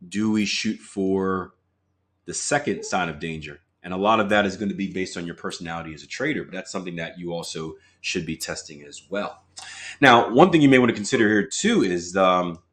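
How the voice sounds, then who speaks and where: A man's voice: low voice, animated, fast, a bit bright. A man coaching viewers through a live trading walkthrough, chatty and casual, talking straight to his audience and asking for replies.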